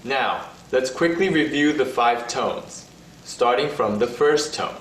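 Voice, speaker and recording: A man narrates a recorded lesson at a slow, careful pace, holding out each demonstrated vowel. His voice sits at a middle pitch. The recording is roomy and sounds set back from the mic, as if played in a room. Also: lively intonation, recorded from a distance. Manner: slow, carefully paced delivery with sung and held vowel demonstrations. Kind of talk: scripted instructional narration.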